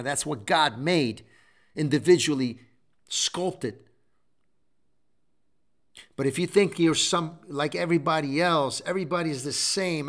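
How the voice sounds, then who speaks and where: A man's voice: a little high, a bit bright. A middle-aged man hosting a show, giving a preachy motivational talk full of repeated exhortations. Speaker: show host.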